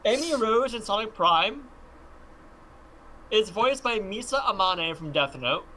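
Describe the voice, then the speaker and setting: Male co-host, high and bright, stammers into eager trivia. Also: expressive, unhurried. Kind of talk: casual live-stream chat.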